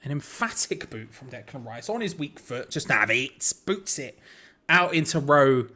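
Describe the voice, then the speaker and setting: A man's voice: medium pitch, big pitch swings, moderate pace, bright, forceful tone. A young man hosting a live football watch-along, calling the play casually and chatting to viewers with frustrated asides. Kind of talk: live match commentary and chat.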